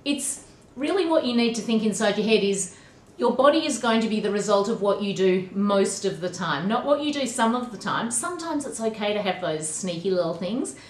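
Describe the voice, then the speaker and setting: A woman's voice: mid-range voice, roomy sound. An Australian woman talking chattily to a class of kids, upbeat and teacherly. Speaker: vlogger answering kids' questions. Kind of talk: casual video message to a class.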